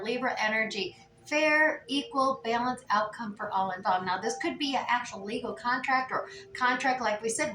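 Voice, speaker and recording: A woman reads tarot cards in a loose, chatty way, often restarting her sentences and filling pauses. Her voice sits a bit high and comes from some distance off the mic. The room is echoey, with a faint hiss underneath. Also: fairly bright tone. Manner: chatty, with many fillers and restarts. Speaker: tarot reader. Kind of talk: casual tarot reading.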